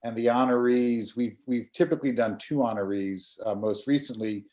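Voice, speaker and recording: In an online community meeting held over video call, a middle-aged graphic designer who volunteers in his community chats casually. His mid-range voice is a little mellow, and he talks earnestly but haltingly, often repeating words while he collects his thoughts.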